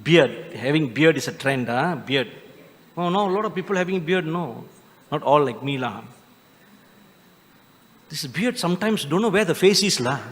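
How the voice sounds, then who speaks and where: A Malaysian English-accented priest preaches a Christmas homily, pitched a little higher than most men. He mixes homely jokes with slow, emphatic lines, and his voice rings through the long reverb of a large church. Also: animated. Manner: homely, joking, with drawn-out emphatic phrases. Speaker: Catholic priest.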